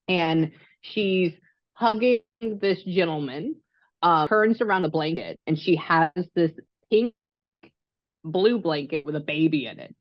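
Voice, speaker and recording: A chatty, excitable woman giving a medium reading over a video call, rambling freely with fillers. Her voice sits fairly low. The sound is dry and a little dull, like call audio. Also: dry recording. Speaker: psychic medium.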